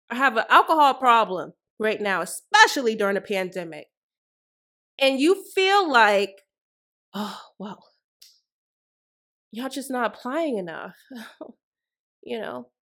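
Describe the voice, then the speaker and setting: A woman's voice: high voice, pushed and bright. A woman hosting a solo podcast, delivering fiery, profane commentary full of rhetorical questions. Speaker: podcast host.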